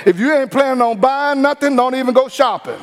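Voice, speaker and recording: A man preaching a sermon as pastor, animated and informal, acting out the people he talks about. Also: very high-pitched, a little fast, big-room sound. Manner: animated preaching with acted-out quotes.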